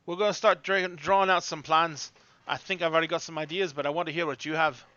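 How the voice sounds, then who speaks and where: A man's voice: a little high, steady tone, fast, bright, forceful tone, no echo, muffled recording. A man voicing an eager, proud young male journeyman smith in a tabletop game. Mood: self-assured.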